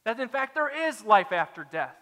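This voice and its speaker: High, bright-voiced preacher man. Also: big pitch swings, moderate pace, in a large hall. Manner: dramatic, acts out quoted lines. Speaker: pastor. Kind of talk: sermon.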